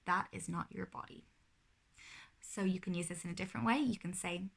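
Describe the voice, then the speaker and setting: A woman in her thirties, herself a mother, vlogs casually about parenting, earnest and explanatory, with frequent mid-sentence self-corrections. She speaks briskly in a fairly low voice that is gravelly and husky.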